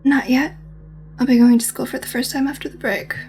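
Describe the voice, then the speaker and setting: A woman's voice: high-pitched, a little fast, darkish tone, faint music behind, natural voice. A woman voicing a nervous schoolboy who gives hesitant, defensive answers. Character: nervous young schoolboy trying to sound polite.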